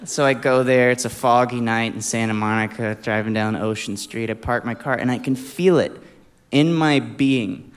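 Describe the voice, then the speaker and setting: A man from Alabama telling a personal anecdote in a casual, animated way, often breaking into laughter. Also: mid-range voice, normal speed, a faint crowd. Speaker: storyteller.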